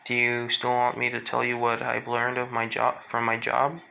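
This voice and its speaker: A man voicing a calm young male hero in a read-aloud fan story, plain and halting with restarts. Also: medium pitch, vocal fry, slight background noise, poor audio. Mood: somber.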